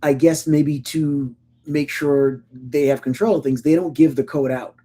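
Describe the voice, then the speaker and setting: Middle-aged man telling stories, dark voice. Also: a little high, unhurried. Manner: animated storytelling with acted-out quotes; stammering restarts. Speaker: podcast co-host. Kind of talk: casual conversation.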